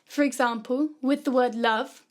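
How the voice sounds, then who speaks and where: A woman narrating a scripted music production tutorial in a calm, clear, instructive way. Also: sits high, moderate pace.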